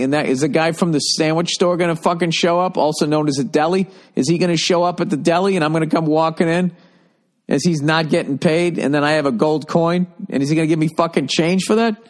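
A man riffing through a comedic podcast rant, sarcastic and rambling, with swearing scattered through nearly every sentence. His voice sits a touch higher than most men's. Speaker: podcast host.

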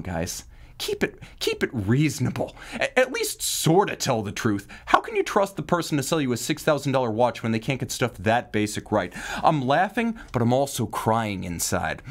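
A man hosting a live watch news stream, talking in a wry, theatrical way with mock outrage and puns. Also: mid-range voice.

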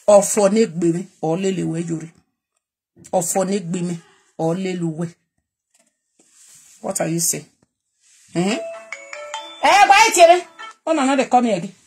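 A husky-voiced woman from Edo State with a Nigerian accent speaks straight to camera in a live video rant. She moves between Pidgin and her Edo dialect, and her tone is bold and challenging throughout. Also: medium pitch, mellow. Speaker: vlogger.

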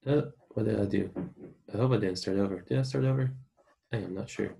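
Casting note: male Spanish teacher, low gravelly voice, relaxed and chatty with students. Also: brisk. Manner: casual, chatty, talks straight to students. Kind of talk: recorded online lesson.

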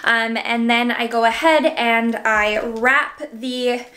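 A young woman with a slightly high voice talks a camera through her hair routine at home, in a loose, chatty way with many fillers. She sounds a little out of breath as she goes. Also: fairly even intonation, slow, fairly bright tone. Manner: chatty, filler-heavy with frequent "like" and "um". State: out of breath, seven months pregnant. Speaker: beauty vlogger. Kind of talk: casual hair tutorial talk to camera.

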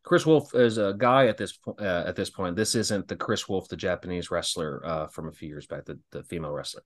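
A man's voice: low-pitched, a little fast. A man in his thirties, a wrestling guest, telling stories casually with lots of laughs and acted-out quotes. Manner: animated, laughing storyteller who acts out quotes. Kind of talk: casual storytelling.

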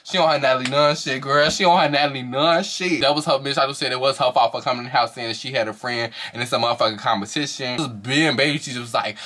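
Fast-talking, sassy, bright-voiced man. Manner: animated and sassy, with shrieking highs; profane and gossipy. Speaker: reality TV reviewer. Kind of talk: casual commentary.

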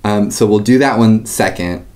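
A man's voice: on the low side, normal speed, darkish tone. A man co-hosting a casual podcast, joking and playful, turning earnest at times. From raised Mormon. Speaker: podcast co-host.

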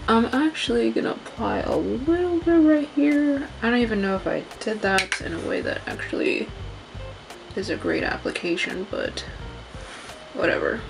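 Through poor audio, a young beauty vlogger with a mid-range voice chats casually during a makeup tutorial at home. She calls her viewers "girl" and "y'all" and apologizes often.

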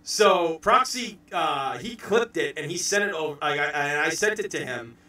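A man from the United States hosting a casual podcast chat, excitable, swearing freely and shouting out bits of impressions. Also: on the high side, moderate pace, heavy reverb, recorded from a distance. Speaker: podcast host.

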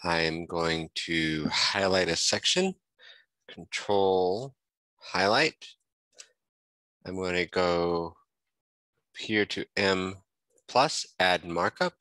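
A man giving a screen-recorded software tutorial, thinking aloud and correcting himself as he clicks through menus at a desk microphone. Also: low voice, extremely slow, pauses often, no echo, poor audio.

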